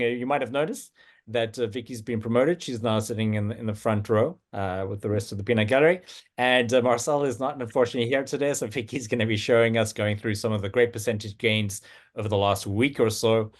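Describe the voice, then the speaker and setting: A man hosting a casual livestream chat, halting and full of fillers and restarts. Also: medium pitch, steady tone. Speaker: host.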